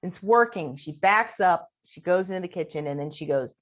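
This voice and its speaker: A woman comedian telling a long story in casual podcast chat, animated and laughing as she acts out what others said, heard over a video call. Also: fairly low pitch, normal speed, dull audio. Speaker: comedian guest.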